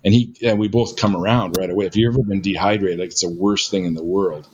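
A man's voice: sits low, fairly even intonation, quick pace, dull audio, a little hiss or hum. An older retired man telling a story in a casual, rambling way, full of fillers and self-mocking asides. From Canada. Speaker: guest storyteller.

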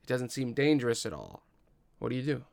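Gravelly man narrating a tabletop game. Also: medium pitch, sing-song, darkish tone, no echo, studio quality. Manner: slow dramatic narration, casual asides. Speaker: game master.

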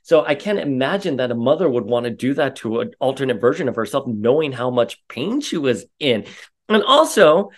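A man giving opinionated casual commentary, animated and ranting, his voice rising sharply when he gets riled. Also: mid-range voice, moderate pace.

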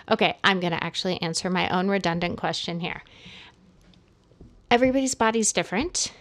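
A woman's voice: on the low side, a little fast, pauses often, a bit bright. A woman co-hosting a casual podcast chat, walking through each step steadily with many "um"s.

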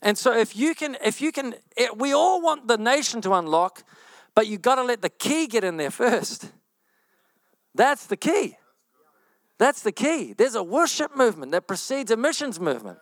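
A man preaching a sermon as a pastor, telling a story in an animated way, often repeating phrases and rushing through quoted speech. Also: very high voice, no echo.

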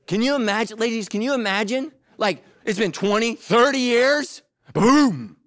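Male preacher, emphatic and playful, slightly high voice, dry close sound. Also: unhurried, no room sound. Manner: animated, joking, emphatic. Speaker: pastor. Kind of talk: sermon.

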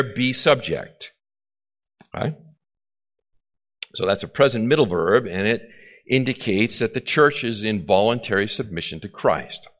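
Male pastor, lower voice, teaching sermon style, restates each point and checks for understanding. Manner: repeats key phrases, checks in with the congregation. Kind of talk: expository sermon.

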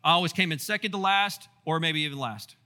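A man preaching a sermon as pastor, animated and storytelling with asides and rhetorical questions. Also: a little high, fairly quick. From Texas.

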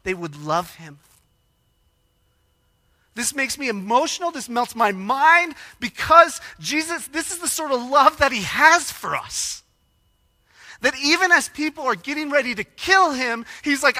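Man, sermon, high voice, piercing bright tone, passionate dramatic delivery. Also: a little slow, no room sound. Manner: animated, emotional preaching with loud dramatized quotes. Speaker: pastor.

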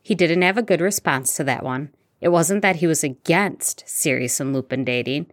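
A woman narrating a fan fiction audiobook in a steady storytelling manner. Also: low voice, moderate pace, no room sound, studio quality.

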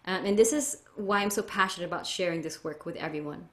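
A woman's voice: fairly low pitch, quick pace, a bit bright, roomy sound. A woman speaking earnestly as a podcast guest, reflective and spiritual in a flowing way. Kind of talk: reflective interview talk.

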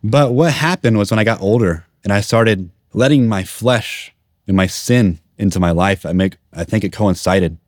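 Man, lowish voice, sharing a personal faith testimony in a church, earnest and candid, dry close sound. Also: normal speed, darkish tone, no echo. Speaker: testimony speaker.

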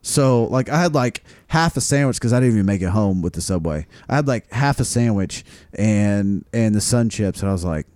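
A man hosting a podcast, telling a story in casual chat as an excitable, foul-mouthed storyteller. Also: on the low side, normal speed, few pauses, no room sound, clean studio sound. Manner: excitable storyteller who swears a lot. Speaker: podcast host.

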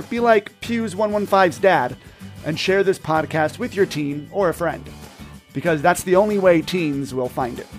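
A man hosting a podcast, giving scripted, upbeat, instructive narration into a close mic. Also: on the high side. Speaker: podcast host.

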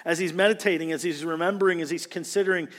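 A man preaching a sermon as pastor, earnest and rising in pitch and volume when he presses a point. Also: fairly even intonation, fast, a bit bright, long reverb tail.

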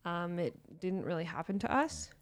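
Playful chatty young woman co-host. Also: on the low side. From small town. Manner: chatty and playful, quick laughs and lively asides. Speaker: podcast co-host. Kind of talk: casual chat.

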